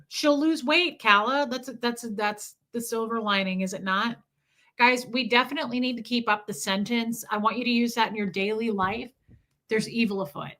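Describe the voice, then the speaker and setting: A young woman hosting a live stream, chatting casually and reading out viewers' names in an animated, chatty way. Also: on the high side, normal speed. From Midwest US. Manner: chatty, animated, reads chat names aloud. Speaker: livestream host.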